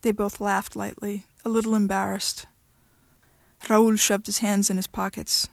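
Lady reading an audiobook, mid-pitched, steady, dry close mic. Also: unhurried, gravelly, no echo. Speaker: narrator. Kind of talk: audiobook narration.

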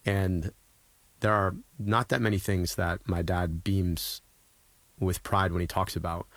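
Gravelly low-voiced man, earnest storyteller. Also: dry recording. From United States. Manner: earnest, storytelling, measured with restarts. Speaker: interview guest, politician. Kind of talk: reflective interview talk.

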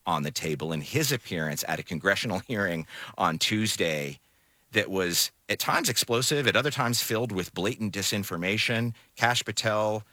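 A man's voice: on the low side, expressive, normal speed, bright, forceful tone, no room sound. A man hosting a studio news discussion, earnest and questioning, sometimes restarting his sentences. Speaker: radio show host. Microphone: studio microphone.

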